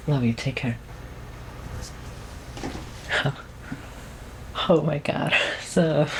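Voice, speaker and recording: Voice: mid-range voice, a little mellow, a little hiss or hum, poor audio. Rambling vlogger in a trained feminine voice. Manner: rambling, many fillers and restarts. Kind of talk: casual video update. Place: at home, alone with camera.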